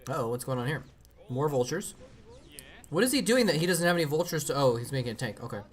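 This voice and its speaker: A man's voice: a little high, animated, quick pace. A man casually commenting on an old match during a live stream, rambling with many fillers and restarts.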